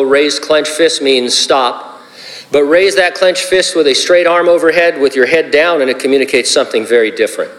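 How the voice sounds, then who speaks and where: Joking pastor in a ringing hall. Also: male voice, a little high, a bit bright. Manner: conversational and joking, with asides to the congregation. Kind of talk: sermon.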